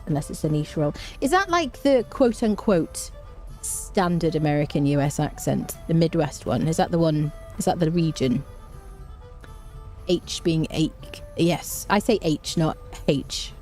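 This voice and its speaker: A woman's voice: deep voice, warm tone. A woman chatting casually on a game stream, reading viewer messages aloud and laughing often. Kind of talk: casual live-stream chat while gaming.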